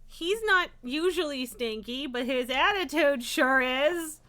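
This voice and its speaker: A woman's voice: high voice, slow pace, few pauses, sharp tone. A woman streaming a farming game, chatting casually and giggling, who slips into baby talk with her cat. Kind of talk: casual livestream chat while playing a farming game.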